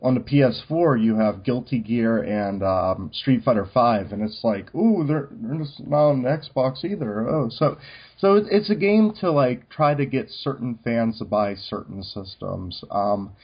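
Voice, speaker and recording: A man's voice: medium pitch, measured pace, husky. A man co-hosting a podcast in casual chat, talking loosely with many fillers. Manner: chatty, many fillers like "um" and "you know". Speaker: podcast co-host. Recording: dull lo-fi recording.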